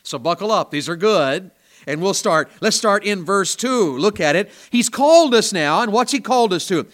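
A man with a Southern accent from Tennessee preaching a sermon in a small church. He tells a story in a folksy way, dropping to quiet asides and then climbing to loud, emphatic bursts. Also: high voice, animated, normal speed. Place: small church during a service.

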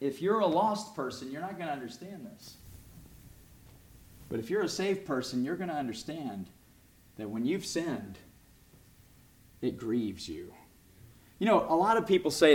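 A man preaching a sermon with passion, dropping to a hush and rising to loud cries as he acts out the voices he quotes. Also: a little high, sing-song, normal speed, long pauses, breathy edge. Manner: impassioned, swings from soft to loud cries.

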